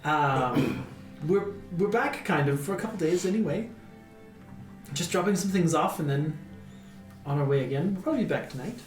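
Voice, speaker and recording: A friendly player speaks in character, a little hesitant, in a lively voice. The voice sits away from the mic in an echoey room with faint music. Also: mid-range voice, normal speed, long pauses, recorded from a distance. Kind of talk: in-character play.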